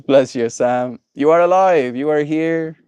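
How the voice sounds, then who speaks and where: A man's voice: fairly high pitch, measured pace, darkish tone, clear, resonant tone, dry recording. A man hosting a live stream, chatting casually with viewers and laughing often. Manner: playful, laughs often, mock voices for viewers. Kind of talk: casual live-stream chat reading chat messages. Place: outdoors with mosquitoes.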